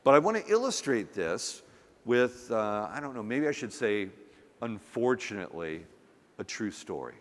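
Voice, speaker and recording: Male conference speaker, lively, animated storyteller, long hall echo. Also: mid-range voice, normal speed. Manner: animated, humorous storytelling with acted quotes. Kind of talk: storytelling keynote talk.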